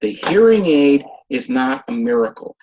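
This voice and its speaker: A man's voice: medium pitch, big pitch swings, moderate pace, a little mellow, a little hiss or hum. Man lecturing over muffled video-call audio. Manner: conversational, acts out patients and family members. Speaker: hearing specialist teaching a class. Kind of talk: informal lecture with acted examples. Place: online video session.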